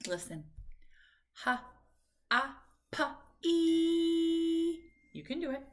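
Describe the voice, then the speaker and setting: A woman's voice: very high voice, big pitch swings, very noisy. A mother patiently coaching her son through speech practice at home, prompting him and cheering him on. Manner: patient, encouraging, drawn-out prompting.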